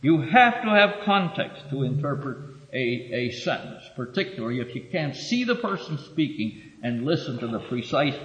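A man giving a sermon-style Bible lesson, halting with many filler pauses and lifting his voice to read verses. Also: mid-range voice, very animated, fairly bright tone. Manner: reads verses aloud with raised emphasis. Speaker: preacher teaching from scripture. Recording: dull echoey recording from a hall.

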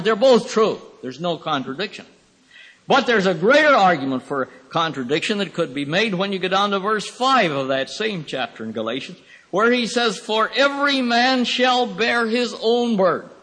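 A man giving a Bible lecture in a thoughtful, rambling way, with pauses and fillers. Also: a little high, fairly bright tone, husky. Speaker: Bible teacher. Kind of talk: classroom lecture. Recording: reverberant hall recording.

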